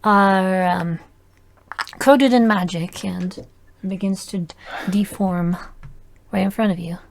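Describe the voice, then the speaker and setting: A woman narrating a tabletop game as game master, halting and restarting as she describes the scene. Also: medium pitch, vocal fry, a little hiss or hum.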